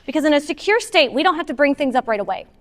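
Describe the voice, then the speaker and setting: A woman giving a casual, animated talk to a moms' group, taking audience questions and acting out what partners say. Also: high-pitched, rapid-fire. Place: meeting hall with an audience. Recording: long hall reverb.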